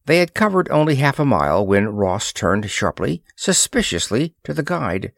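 A man narrating a pulp science fiction story in a measured, expressive way. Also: mid-range voice, creaky, no echo, studio quality. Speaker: audiobook narrator.

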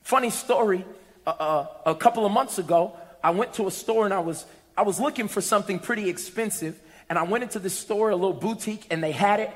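A man preaching a sermon, telling a funny story and building to loud, emphatic shouts. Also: high voice, fast talker. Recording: reverberant hall.

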